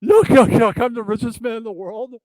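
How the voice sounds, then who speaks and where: A man voicing a smug, goofy puppet billionaire in a squeaky, boastful voice. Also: fairly quick, darkish tone, no echo, poor audio.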